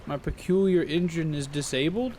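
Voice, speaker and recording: A man giving animated let's-play commentary, reading game text aloud and exclaiming as he plays. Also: on the high side, normal speed, a little hiss or hum. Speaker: gaming channel host. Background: game music.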